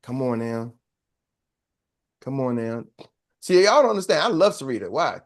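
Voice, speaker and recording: A man coaching a sales team, preaching with call-and-response and acting out quick little voices. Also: medium pitch, sing-song. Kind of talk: motivational training talk.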